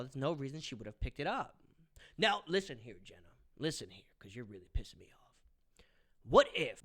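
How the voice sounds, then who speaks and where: A man's voice: on the high side, sharp tone. Angry, profane young man ranting. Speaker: vlogger reviewing movies. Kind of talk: ranting commentary.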